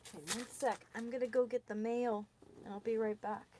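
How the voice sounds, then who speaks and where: A woman chatting casually on a livestream at home, often dropping to soft murmurs and sing-song repetition. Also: on the high side, fairly even intonation, fairly quick, noisy background. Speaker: livestream host.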